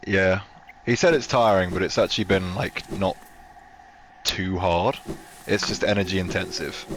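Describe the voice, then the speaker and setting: Low-voiced male co-host. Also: moderate pace, fairly bright tone, slight background noise. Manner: rambling, self-correcting, amused. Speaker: co-host guest. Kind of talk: casual gaming chat. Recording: game music clearly behind.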